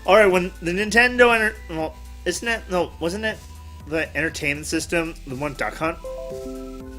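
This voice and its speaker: A man's voice: sits high, moderate pace. A man hosting a casual interview, rambling and correcting himself as he talks. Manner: rambling, animated, self-correcting. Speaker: host. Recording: background music.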